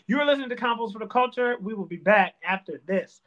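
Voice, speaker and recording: A man's voice: sits high, quick pace, heavy background noise. Man hosting a casual podcast, dull lo-fi audio. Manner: animated, joking, riffing on news. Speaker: podcast host. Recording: dull lo-fi sound.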